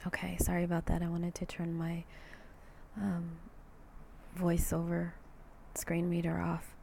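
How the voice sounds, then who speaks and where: A hoarse woman with a cold, talking as a concerned mother in a personal video message, hesitant and halting with soft, half-whispered words. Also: lowish voice, monotone, a little hiss or hum.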